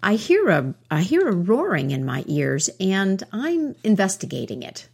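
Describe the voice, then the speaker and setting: A woman's voice: mid-range voice, wildly swooping pitch, measured pace, creaky, slightly rough, exaggerated voice. A woman voicing a shy, curious little male mouse in a storybook tale, talking hesitantly and stammering. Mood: timid.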